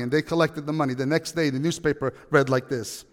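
Man, pastor, sermon storytelling, animated, slightly high voice, long hall reverb. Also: fast talker. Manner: animated, rising to emphatic peaks.

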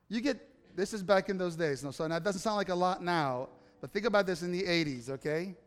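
A man's voice: high-pitched, animated, fairly quick. A male pastor preaching a sermon, telling a personal story and acting out the dialogue before building to impassioned appeals to the congregation. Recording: long hall reverb with faint music.

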